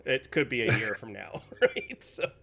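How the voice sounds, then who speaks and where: A man's voice: medium pitch, big pitch swings, normal speed, creaky, a bit bright. A man from Canada co-hosting a live-play stream, chatting casually with stammering restarts. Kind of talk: casual sign-off chat.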